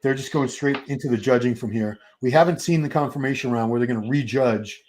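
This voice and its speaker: A man's voice: medium pitch, quick pace, darkish tone, a little hiss or hum. A man in his fifties hosting a live watch party stream, chatting casually, restarting his sentences and talking to the chat. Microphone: streaming setup.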